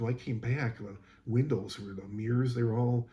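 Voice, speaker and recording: A man's voice: medium pitch, steady tone, moderate pace, highs cut off. A man who works as a school custodian, casually telling an exasperated, rambling story about a coworker, with lots of fillers.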